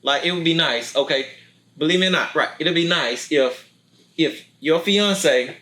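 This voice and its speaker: Podcast host, male, bright and forward tone, animated talker who acts out lines. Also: measured pace. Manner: animated, acts out quotes in a deep voice, laughs often. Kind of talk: casual podcast chat.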